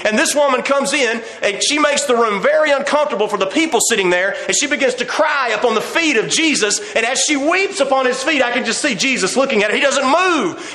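A man's voice: very high-pitched, bright, forceful tone, reverberant. A man preaching a sermon with fervor, acting out voices and laughing now and then. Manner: fervent preaching, acts out quoted voices, laughs often.

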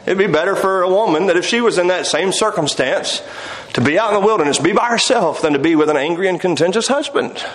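A high-pitched male preacher delivers a sermon with emphatic, drawn-out phrasing and quiet chuckles. His voice rings through a roomy hall with a lot of echo. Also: lively intonation.

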